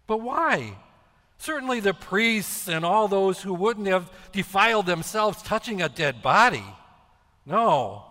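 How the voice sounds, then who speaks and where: A man acting out a guilt-ridden middle-aged apostle in a stage monologue, with a high, tense voice. He talks slowly, with agitated, halting questions and much self-reproach. A long reverb from a big hall hangs on every word. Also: bright, forceful tone, heavily acted. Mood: worried. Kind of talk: dramatic monologue.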